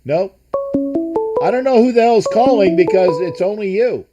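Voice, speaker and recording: A man's voice: high-pitched, lively intonation, moderate pace, highs cut off, over loud music. Rambling older man hosting a sports show. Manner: rambling, profane, many restarts. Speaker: host of a sports talk show. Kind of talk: casual live-stream sports chat.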